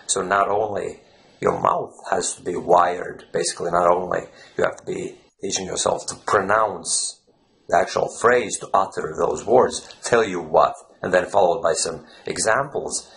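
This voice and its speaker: Male fluency coach, deep and gravelly, loose chatty vlog delivery with lots of fillers. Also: moderate pace, fairly bright tone. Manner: rambling, frequent "you know" fillers. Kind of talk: casual teaching vlog.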